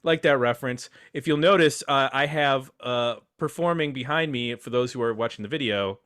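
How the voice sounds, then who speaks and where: A man's voice: mid-range voice, normal speed, fairly bright tone, clean tone. A man hosting a casual podcast roundtable, chatty and self-deprecating as he introduces his guests. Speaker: podcast host.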